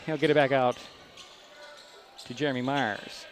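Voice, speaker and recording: A man giving brisk, chatty play-by-play of a high school basketball game, rising at big plays. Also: fairly even intonation. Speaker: play-by-play announcer. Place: school gym. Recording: gym noise behind broadcast mic.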